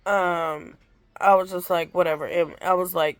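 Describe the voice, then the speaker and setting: A woman rambling through a story about her toddler, exasperated and animated, breaking off to scold kids nearby. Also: low-pitched, moderate pace, dry recording. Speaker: mother vlogging.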